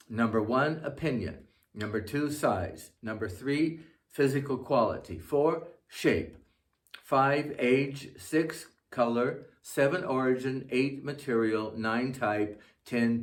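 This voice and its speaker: Man dictating a grammar lesson slowly. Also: mid-range voice. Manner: slow, careful dictation of example sentences. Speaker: English teacher. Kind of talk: scripted grammar lesson narration.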